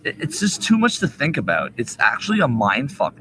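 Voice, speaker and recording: A man's voice: medium pitch, wildly swooping pitch, normal speed. A young man livestreaming from his laptop, talking into its built-in webcam mic indoors. His voice swings up and down as he rants and curses in an agitated, rambling way, with faint hiss behind him. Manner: profane, agitated ranting.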